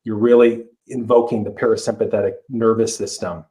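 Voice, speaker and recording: A man's voice: fairly low pitch, steady tone, a little fast, dark tone, poor audio. Earnest middle-aged male life coach. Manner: earnest, emphatic, with many restarts. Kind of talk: podcast interview.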